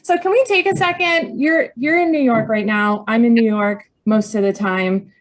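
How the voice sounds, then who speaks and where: A woman's voice: on the high side, moderate pace. A woman from Pittsburgh hosting a talk show, chatting casually and laughing easily. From Pittsburgh, USA. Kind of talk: casual chat interview.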